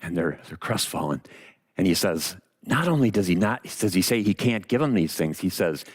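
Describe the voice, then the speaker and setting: A man preaching a sermon, retelling a story with dramatic pauses and expressive delivery. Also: deep voice.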